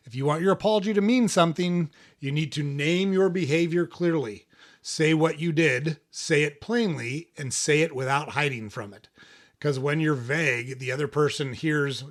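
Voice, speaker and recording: A man's voice: on the high side, a bit bright. A middle-aged man hosting an advice talk, blunt and emphatic, who swears freely and repeats words for punch. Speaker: podcast host.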